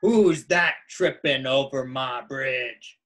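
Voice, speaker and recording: A man's voice: mid-range voice, slow, fairly bright tone. A man voicing a mean, ugly male troll who threatens to gobble up the goats in a storybook reading. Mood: threatening.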